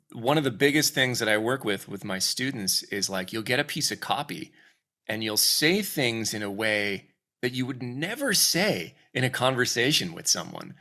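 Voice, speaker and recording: A voice actor chatting casually in an interview, lively and acting out quoted lines as he coaches. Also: medium pitch. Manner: animated, acts out quoted voices. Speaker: voice actor guest.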